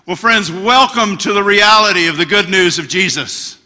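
A middle-aged American man gives a passionate sermon as a guest speaker in a church hall, telling stories and swinging into loud bursts of shouting. His voice is high-pitched and he talks at normal speed with hardly any pauses, the hall's reverb audible.

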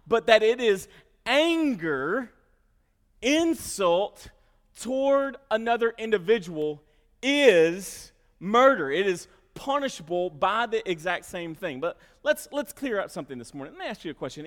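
High-voiced preaching man in a reverberant hall. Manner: preaching with swings from quiet asides to loud emphasis; repeats words at the start of phrases. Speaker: pastor. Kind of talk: sermon.

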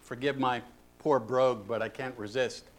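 A man's voice: medium pitch, fairly even intonation, moderate pace. A man preaching a sermon as a pastor, emphatic and exhorting his listeners.

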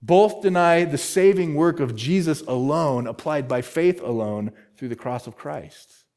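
A male pastor delivering a sermon with a lively, swooping delivery and a slightly high voice. He presses his points hard, repeats key words for emphasis and throws out rhetorical questions. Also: measured pace. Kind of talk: expository sermon.

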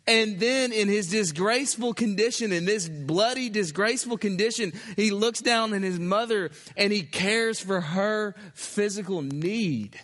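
High-voiced man preaching slowly in a hall. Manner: slow, emphatic preaching in short phrases, dropping to hushed. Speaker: pastor. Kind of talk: sermon. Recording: long hall reverb.

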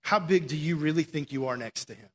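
A young man preaching a sermon in an animated, emphatic, conversational way. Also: on the high side, brisk.

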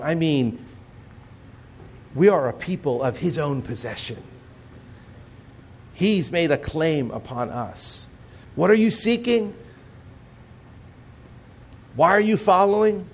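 A man preaching a sermon as pastor, earnest and measured, dropping soft and low on key phrases. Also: slightly rough.

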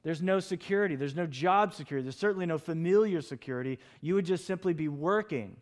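Animated man preaching a sermon. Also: a little high, quick pace. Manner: animated storytelling, acts out his own shouts. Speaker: pastor.

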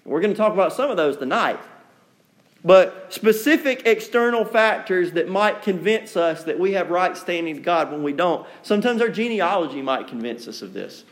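A man's voice: high voice, expressive, normal speed. A man preaching an evening sermon to a congregation, talking in a conversational, folksy way and acting out quotes with sarcasm. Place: church room with a congregation.

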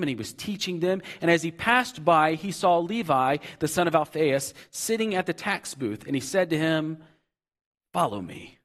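A pastor preaching a sermon, earnestly and with repetition, rising to loud emphasis and dropping to soft, low asides. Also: male voice.

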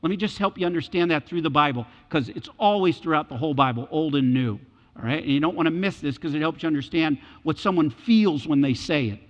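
This fast-talking preacher has a slightly high voice and acts out scriptural voices in a dramatic sermon. Sound is lo-fi and dull, with the echo of a hall.

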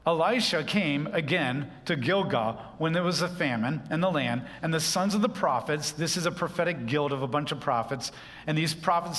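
Preacher, male, easygoing teaching tone with asides, fairly high voice, sanctuary reverb. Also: a bit bright. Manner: conversational Bible teaching with asides. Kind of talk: sermon.

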